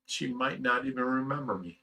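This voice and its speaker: A man's voice: mid-range voice, brisk, creaky, sharp tone, slightly rough. A middle-aged man from Ohio, hosting a casual livestream, reading chat and telling rambling personal stories full of fillers and emotion. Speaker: fish rescue channel host reading live chat.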